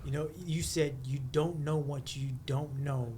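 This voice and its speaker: A man with a slightly raised pitch hosts a relaxed chat, chiming in to agree and recap what was said. A faint low rumble sits under his voice. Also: unhurried. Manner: affirming, summarizes, laughs along. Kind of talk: casual interview conversation.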